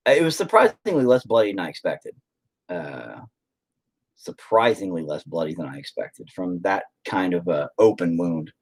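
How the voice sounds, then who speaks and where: A man's voice: fairly low pitch, darkish tone. A man hosting a casual stream, telling a story to viewers in a rambling way and swearing freely. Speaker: stream host chatting with viewers.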